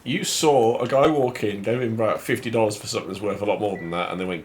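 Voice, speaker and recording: A man's voice: fairly low pitch, fast, a little hiss or hum. A man playing a video game on a let's play, chatting casually and bantering. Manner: banter-heavy, playful. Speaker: let's play co-host, player.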